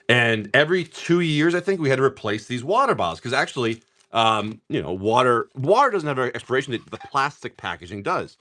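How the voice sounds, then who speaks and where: A man's voice: medium pitch, big pitch swings, a bit bright. A middle-aged man hosting a live stream, opening card packs, rattling off card names and telling joking stories in casual chat. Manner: rapid card-name rundowns mixed with joking stories.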